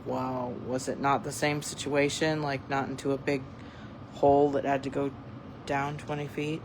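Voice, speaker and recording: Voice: medium pitch, noisy background. A speaker giving a casual, rambling update full of fillers and restarts while playing with cats using a laser pointer. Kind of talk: casual chat.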